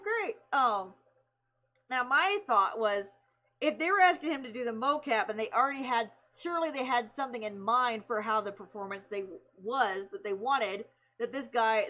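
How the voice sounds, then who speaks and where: A woman streaming live tells a long story in a loose, rambling way, full of "like" and "you know". Her voice sits a bit high, and the stream audio sounds dull and lo-fi. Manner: animated, rambling, many fillers. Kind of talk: casual storytelling.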